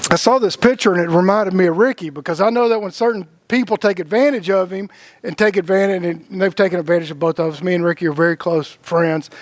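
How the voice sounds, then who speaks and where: A man with a high voice talks in a loose, rambling way, often repeating words and breaking into laughter. He co-hosts a casual spiritual chat and acts out the voices of people he quotes. The sound is dry and close, with no room echo. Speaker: podcast co-host.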